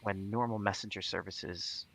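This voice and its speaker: A man narrating as game master of a tabletop role-playing game, halting and full of restarts. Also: fairly low pitch, fairly even intonation, vocal fry, fairly bright tone.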